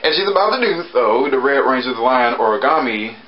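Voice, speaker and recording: A man casually reviewing a TV episode, chatty with sarcastic asides and sudden jumps in pitch. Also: animated, a little fast, lo-fi sound.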